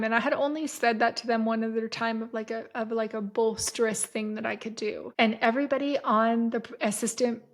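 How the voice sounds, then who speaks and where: Profane woman storyteller, flat high voice. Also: fairly quick, hardly any pauses. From San Diego, California. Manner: profane, rambling, frequent "like" fillers. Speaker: podcast host. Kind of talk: casual storytelling.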